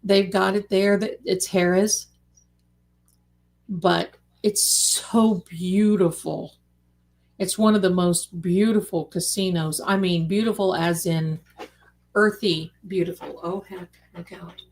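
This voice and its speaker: A woman hosting a casual late-night livestream, chatty and animated, calling her viewers darlings. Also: lowish voice, takes it slowly. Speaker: livestream host.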